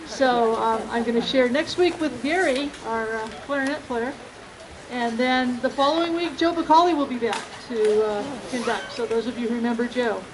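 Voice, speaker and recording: A woman's voice: fairly high pitch, normal speed, noisy background. A woman hosting a summer band concert, making casual announcements with fillers and restarts. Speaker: band event host. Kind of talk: casual announcements to an outdoor crowd. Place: outdoor concert with a crowd. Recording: loud crowd around.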